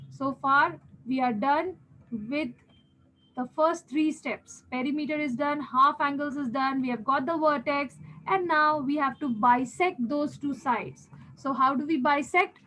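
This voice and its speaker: A maths teacher with an Indian English accent teaches a geometry lesson step by step, patiently repeating key steps and checking in with her students. Her voice sits high with a fairly bright tone, and the recording is rough, with a little hiss or hum.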